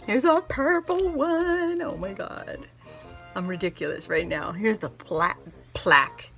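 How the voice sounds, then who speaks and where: A woman's voice: medium pitch, unhurried, creaky, a bit bright, soft background music. A woman gushing and gasping as she opens craft gifts for her vlog audience. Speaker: craft vlogger opening gifts. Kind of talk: casual gift unboxing.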